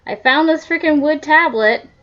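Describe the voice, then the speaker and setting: A woman with a fairly bright, high voice narrates her own game playthrough at a moderate pace, muttering to herself in frustration when she gets stuck. It's let's-play commentary from a gamer, captured in dull lo-fi audio.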